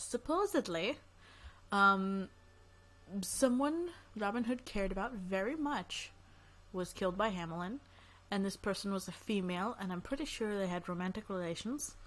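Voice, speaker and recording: A woman's voice: mid-range voice, a little slow, a bit bright. A woman casually chatting as she hosts a visual novel playthrough at her desk mic, upbeat and rambling, with frequent coughs. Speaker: let's play host. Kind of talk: casual gameplay commentary. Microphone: desk microphone.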